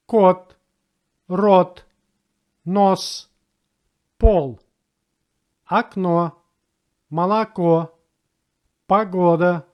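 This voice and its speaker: Slow, patient man teaching a language lesson. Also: on the high side, a little mellow. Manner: patient, spells out rules and repeats example words.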